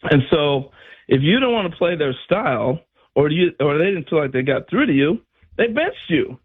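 A husky, fairly high-pitched older man telling stories from his playing days with lively energy. He acts out the lines of the people in his tales. The sound is muffled, as from a radio broadcast. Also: normal speed. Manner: animated storyteller acting out quotes. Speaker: former player turned radio analyst. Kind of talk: storytelling on a sports radio show.

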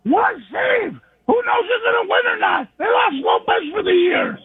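Hoarse male caller, high strained holler, wild pitch swings, frantic rambling, over a phone line. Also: huge pitch swings, normal speed, raised voice. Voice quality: extremely high, strained, screeching voice. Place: his room.

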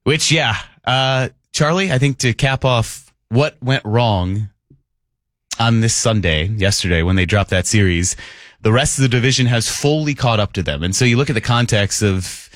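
A man's voice: medium pitch, no room sound, clean studio sound. Chatty male sports radio host. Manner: quick, chatty, laughs often. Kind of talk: casual sports radio talk.

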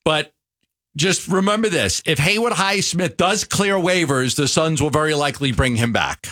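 A man's voice: a little high, animated, moderate pace, pushed and bright, no echo, clean studio sound. A man co-hosting a sports radio show in casual chat, emphatic and prone to repeating himself and restarting sentences.

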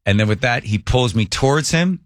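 A man hosting a radio talk show and telling a story in a casual, animated way, acting out other people's lines as he goes. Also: medium pitch, brisk, no echo, studio quality.

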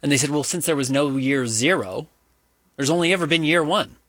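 A man co-hosting a sports talk show, opinionated and animated, rambling with fillers as he argues his point. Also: a little high, fairly quick, no echo. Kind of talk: casual sports radio banter.

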